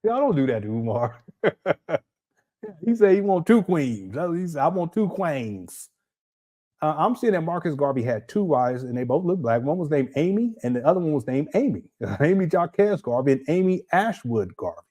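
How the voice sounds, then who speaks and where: A man's voice: fairly high pitch, sing-song, a little fast, dark tone. A man hosting a casual livestream, teasing and laughing as he reacts and reads viewer chats aloud. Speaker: livestream host.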